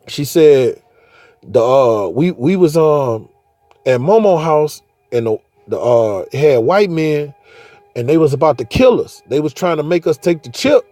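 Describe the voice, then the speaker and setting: A man's voice: fairly high pitch, warm tone, no room sound. A man in his thirties, a father, telling a rambling story about faith in casual, profane speech full of restarts. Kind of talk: casual spoken monologue.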